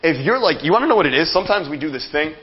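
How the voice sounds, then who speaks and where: A man giving a live motivational seminar talk, energetic and profane, speaking straight to the audience in the room. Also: a little high, rapid-fire, slight background noise. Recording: dull lo-fi sound.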